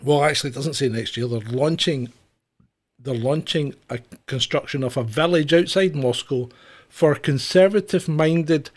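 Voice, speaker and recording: A man's voice: fairly high pitch, moderate pace. A man co-hosting a casual comedy news podcast, laughing often and rambling through asides. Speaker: podcast co-host. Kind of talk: casual banter.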